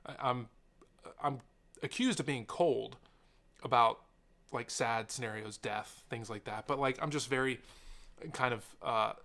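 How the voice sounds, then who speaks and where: A man's voice: medium pitch, measured pace, pauses often, bright, forceful tone. A young man talking unscripted to the camera in a sit-down vlog, rambling and earnest, with lots of fillers and sidetracks. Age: young adult. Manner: earnest and openly emotional. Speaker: tech YouTuber. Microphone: camera mic, seated talking to camera.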